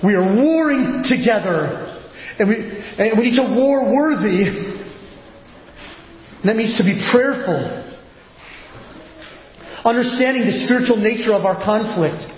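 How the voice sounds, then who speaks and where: A man preaching a sermon, animated and pressing his points with rhetorical questions. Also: high voice, slow pace, pauses often. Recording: echoey hall, dull lo-fi sound with faint noise.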